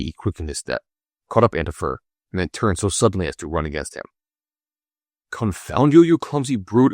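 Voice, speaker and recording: Deep-voiced man narrating a classic novel. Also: no echo, clean studio sound. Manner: measured, deliberate storytelling. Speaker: audiobook narrator.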